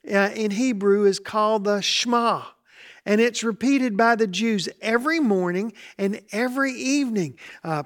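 A man preaching a sermon, explaining a scripture passage verse by verse and slowing down to stress key points. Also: high-pitched, fairly bright tone. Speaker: pastor.

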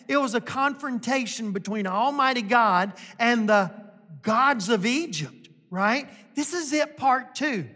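A pastor from delivers a sermon at a slow, deliberate pace. The manner is folksy and emphatic, hammering points home through repetition. The voice carries a long reverb, as if it is filling a big church sanctuary. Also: mid-range voice, fairly bright tone. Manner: emphatic and folksy, repeats points, often asks "right?".

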